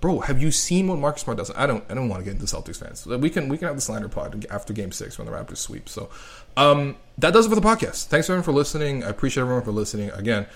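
A young man from Canada hosting a solo sports podcast, talking in a sarcastic, rambling and excitable way. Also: medium pitch, quick pace, gravelly. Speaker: podcast host.

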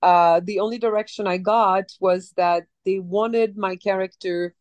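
A woman in her forties with a light French accent, telling her story as a guest in a casual interview, animated and rambling, with many restarts. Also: mid-range voice, a little slow, dry recording. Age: 40s. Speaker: actress guest.

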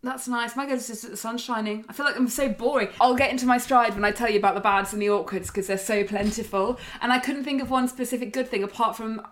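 A young woman co-hosting a podcast, chatting casually and telling stories with lively swearing. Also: a little high, quick pace, hardly any pauses. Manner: chatty, swears freely, animated storytelling. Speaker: podcast co-host. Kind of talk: casual chat.

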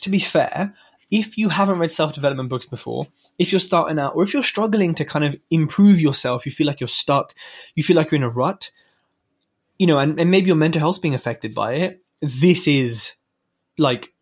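Podcast guy rambling about a book, casual swears, slightly high voice. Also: slightly rough. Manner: chatty, swears casually, self-mocking asides. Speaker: podcast host. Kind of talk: casual solo book review.

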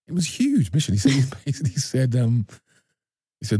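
A man, an actor guest recounting a personal story in a halting way, often repeating words and restarting. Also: mid-range voice, big pitch swings, warm tone, slightly rough, no room sound.

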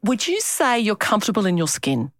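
A woman in her fifties who hosts an interview podcast and puts questions to her guest in an affirming, encouraging way. Her speech moves animatedly up and down in pitch. The sound is dry and close, with no echo. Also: sing-song, a little fast, a bit bright. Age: 50s. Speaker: podcast host.

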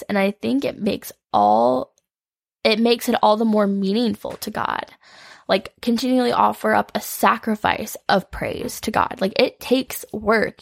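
A woman's voice: medium pitch, vocal fry, no room sound. A young woman hosting an unscripted devotional podcast, earnest and vulnerable, fighting back tears as she quotes scripture. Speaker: podcast host.

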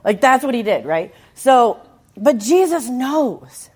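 A woman preaching a sermon, telling the story in an animated way, with emphatic lines that swing from loud to hushed. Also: a little high, slow pace, breathy edge.

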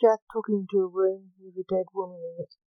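A woman hosting a story podcast, narrating a darkly gothic tale in a measured, theatrical way. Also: mid-range voice, fairly even intonation, no room sound, narrow, tinny audio, faint music behind.

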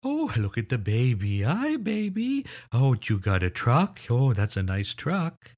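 A gushing grown-up cooing at a baby in a high, drawn-out sing-song, as a man puts the voice on. The vowels stretch and the pitch swoops up well above his own low register, with a slightly husky edge. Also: huge pitch swings, darkish tone.

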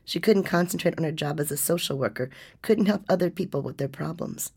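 A woman reading a nonfiction story as narrator, with a measured, restrained delivery. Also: low voice, creaky, a little mellow, breathy edge.

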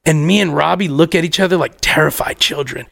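Young male podcast storyteller: high, raspy-edged voice, animated and profane, dry close sound. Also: brisk, no echo. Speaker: podcast co-host telling a story. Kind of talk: casual storytelling chat.

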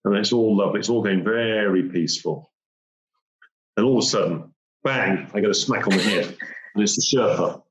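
At a normal speed, a man with a lowish voice describes a personal experience in vivid detail, repeating phrases and acting out the moments as he goes. The recording sounds roomy, dull and lo-fi.

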